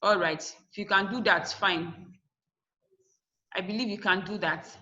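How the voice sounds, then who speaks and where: A woman's voice: mid-range voice, fairly even intonation, unhurried, pushed and bright, lo-fi sound. Female teacher in an echoey room, lecturing an online class, repeats herself for emphasis. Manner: asks rhetorical "what?" questions and answers them. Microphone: video call.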